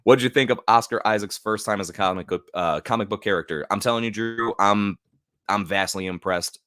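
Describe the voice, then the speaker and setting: A man's voice: lowish voice, a little fast, a bit bright, no echo, studio quality. An American man hosting a casual live stream, rambling loosely with lots of fillers. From United States. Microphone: new studio mic.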